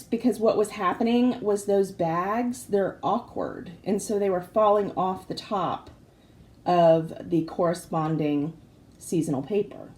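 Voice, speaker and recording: A hoarse woman in her forties with a raspy voice, chatting casually and apologetically as she gives a tour of her craft room. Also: on the low side, a little mellow. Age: 40s. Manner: chatty and apologetic, with frequent fillers. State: hoarse from allergies. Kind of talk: casual home tour chat. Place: craft room and home office indoors.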